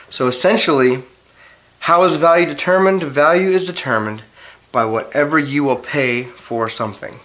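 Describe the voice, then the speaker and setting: A man's voice: fairly high pitch, a bit bright. A middle-aged man, a father teaching his daughter, telling a playful, dramatic story to make a lesson point. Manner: dramatic, playful, builds suspense.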